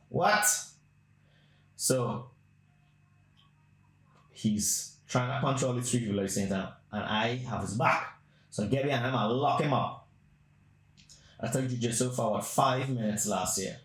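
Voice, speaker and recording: Crude, rambling podcast man in a roomy room. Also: on the low side. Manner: crude, blunt, rambling anecdotes. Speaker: podcast host. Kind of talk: casual storytelling. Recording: roomy echo.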